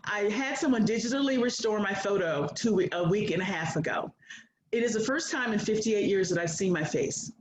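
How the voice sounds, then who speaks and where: A woman's voice: mid-range voice, reverberant, slight background noise, low-quality recording. A woman in her sixties giving a bold, preacher-like motivational speech to an audience of women. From United States. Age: 60s. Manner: bold, preacher-like, mimics others. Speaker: guest speaker.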